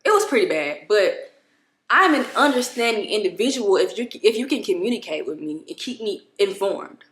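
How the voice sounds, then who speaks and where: A woman vlogger at home, telling a story to camera in an expressive, exasperated way, with many restarts. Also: mid-range voice, moderate pace, roomy sound. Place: home apartment room.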